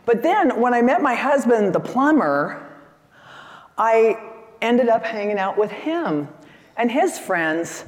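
A woman in her sixties giving a lively, chatty seminar talk and questioning the audience from the stage. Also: a little high, slow. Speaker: seminar speaker. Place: conference hall stage. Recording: echoey hall.

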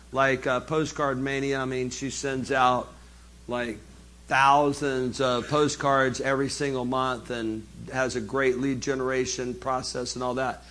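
Male seminar presenter with a fairly high voice. Lively and jokey, talks straight to the crowd. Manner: lively, jokey, addresses the audience directly. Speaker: seminar speaker. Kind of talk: live business seminar talk.

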